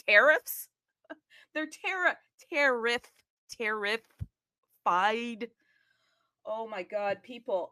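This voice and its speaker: A woman hosting a live audio chat room, talking excitedly and casually, often addressing listeners as "people" and checking in with "okay?". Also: a little high. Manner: animated, chatty, keeps asking "okay?" and addressing "people".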